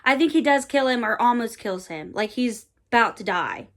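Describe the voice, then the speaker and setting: A book vlogger in her twenties chats casually about books she loves, rambling a little and using fillers and playful slang as she recommends them. Her fairly high voice has lively intonation and a moderate pace.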